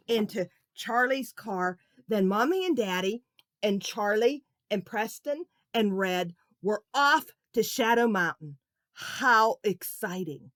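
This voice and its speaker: Lively woman telling a children's story. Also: a little high, no room sound. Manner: animated, asks listeners questions. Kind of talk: children's Bible story narration.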